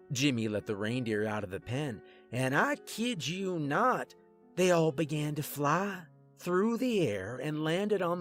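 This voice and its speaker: A man telling a first-person story in a deadpan way, with wry asides to the listener. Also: mid-range voice.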